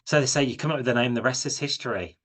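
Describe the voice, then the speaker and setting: A man's voice: mid-range voice, racing, a bit bright. A man hosting a radio interview, asking questions hesitantly with lots of filler words. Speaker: radio show host.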